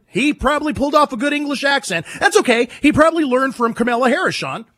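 A man hosting a political talk radio show, combative and mocking with a husky voice. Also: high voice, a bit bright. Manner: combative, mocking, rapid-fire.

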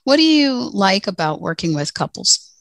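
A woman's voice: medium pitch, big pitch swings, moderate pace, vocal fry, a bit bright, no room sound, clean studio sound. A woman hosting a podcast, interviewing a guest and affirming him attentively. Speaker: podcast host.

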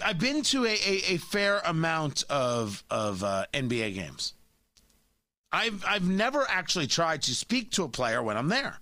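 A man's voice: high voice, bright, forceful tone, no echo. A man hosting a talk radio show, blunt and combative, often stumbling into restarts.

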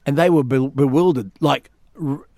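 Australian male radio host, animated storyteller, dry close mic. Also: mid-range voice, normal speed, dry recording. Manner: animated storyteller, acts out quotes. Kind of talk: storytelling on a talk radio show.

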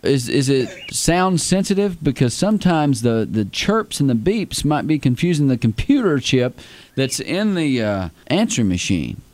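A man's voice: medium pitch, very animated, moderate pace, darkish tone. A man co-hosting a morning radio show, joking his way through a prank call in a playful, mock-earnest manner. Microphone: studio microphone.

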